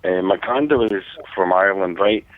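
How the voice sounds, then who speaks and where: A man's voice: sits low, moderate pace, dry recording. A Scottish man hosting a talk radio show, telling a long family story in a rambling, earnest way with many restarts. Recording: tinny phone-like radio audio.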